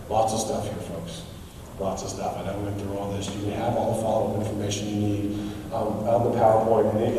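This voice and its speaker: A man from the United States giving a keynote speech, telling stories in an animated, emphatic way. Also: on the low side, noisy background. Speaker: guest speaker. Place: large hall. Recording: echoey hall, distant mic, faint ambience.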